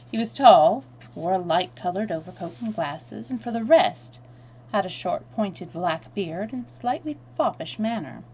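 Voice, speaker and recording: A woman's voice: lowish voice, darkish tone, slight background noise, poor audio. Woman reading a novel aloud on stream. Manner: chatty asides to chat between readings. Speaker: storytelling streamer.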